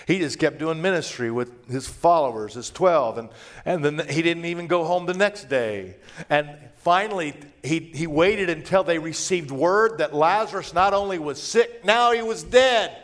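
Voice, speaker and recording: Middle-aged pastor, raised voice, storytelling sermon. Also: male voice, on the high side. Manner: personal storytelling, swings between hushed and raised delivery. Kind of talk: conversational sermon.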